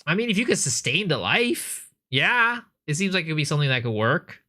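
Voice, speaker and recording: A man's voice: on the high side, big pitch swings, fairly quick, bright, forceful tone. A man streaming live, chatting casually and thinking aloud as he answers viewer questions, with frequent restarts.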